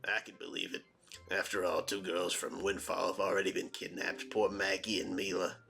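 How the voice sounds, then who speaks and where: A man doing a grave, low-voiced gossiping townsman. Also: flat delivery, moderate pace, creaky, sharp tone, faint music behind, heavily acted.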